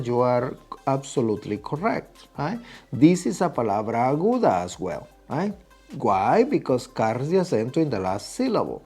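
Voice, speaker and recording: Patient man teaching, animated pitch. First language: Spanish. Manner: patient, asks "right?" after nearly every point. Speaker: Spanish teacher. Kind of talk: video lesson.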